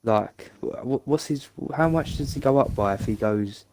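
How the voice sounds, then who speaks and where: A man's voice: mid-range voice, normal speed, darkish tone, no echo. A man chatting casually about a football game, rambling and restarting his sentences. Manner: chatty, rambling, restarts often, laughs along. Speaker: podcast co-host.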